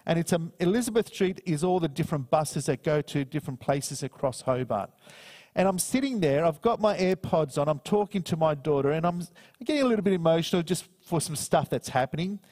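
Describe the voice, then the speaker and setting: Preacher in a reverberant hall. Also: male voice, on the high side, expressive, a little mellow. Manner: earnest, slows down to read scripture. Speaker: minister. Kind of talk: sermon with personal story.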